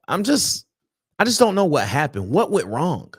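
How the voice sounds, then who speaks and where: A man hosting a casual sports talk livestream, speaking in a frustrated, emphatic and animated way. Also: fairly high pitch, measured pace, husky, no echo, studio quality. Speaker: sports talk show host.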